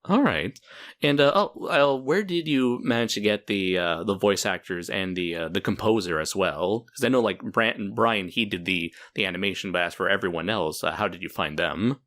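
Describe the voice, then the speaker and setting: A man with a low voice hosts a casual podcast interview. He asks relaxed, loosely worded questions and murmurs along while his guest talks. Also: moderate pace. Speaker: podcast host.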